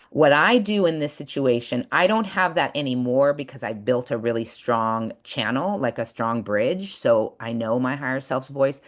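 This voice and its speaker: A chatty woman coach teaches a webinar over a video call, talking in a casual, earnest way. She often restarts her sentences and uses fillers as she explains. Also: rumbling low.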